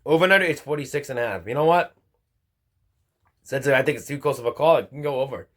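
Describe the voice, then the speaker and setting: A man hosting his own football picks show, talking through results and picks in an informal, halting way. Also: mid-range voice, a bit bright. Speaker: sports picks host. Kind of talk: casual football picks commentary.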